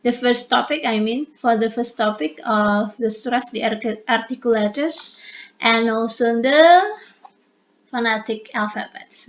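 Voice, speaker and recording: A woman lecturer with an Indonesian accent talks through her slides slowly and patiently, switching between English and Indonesian. Her voice sits a little high. The recording is dull and lo-fi. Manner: mixes English and Indonesian, slow and explanatory. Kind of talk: online lecture.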